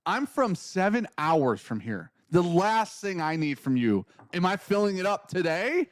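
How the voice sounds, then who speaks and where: A man's voice: sits high, unhurried, no room sound, studio quality. Man animatedly telling stories, casual. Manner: animated storyteller, acts out quotes. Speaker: podcast co-host. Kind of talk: casual chat.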